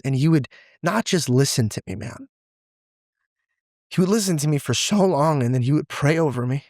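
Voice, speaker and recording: A man's voice: on the high side, animated, normal speed, long pauses, a little mellow, no echo. A young man who grew up in a church, talking in an interview as a guest. He speaks candidly and expressively, says "dude" and "bro" a lot, and comes close to tears when things get serious. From Assyrian heritage, grew up in a church. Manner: earnest, close to tears at times. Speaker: podcast guest. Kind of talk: emotional, candid interview talk.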